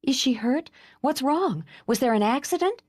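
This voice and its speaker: A woman's voice: a little high, lively intonation, unhurried, darkish tone, dry recording, studio quality, pitched above the performer's own voice. A woman voicing a fiery, impulsive young woman who is worn out from travel, talking in an urgent, demanding way. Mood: alarmed.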